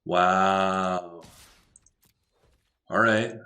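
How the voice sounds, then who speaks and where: Slow-talking man commentating his card game. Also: deep voice, steady tone, sharp tone, a little hiss or hum. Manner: thinks aloud with frequent laughs and swearing. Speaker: Magic Arena drafter, channel host. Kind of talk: casual gameplay commentary.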